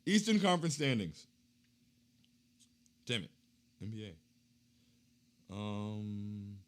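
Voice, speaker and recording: A young man hosting a casual postgame chat, reading fan comments in a hyped, slangy way that swings between loud chanting and low muttering. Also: very animated, slow, a little hiss or hum.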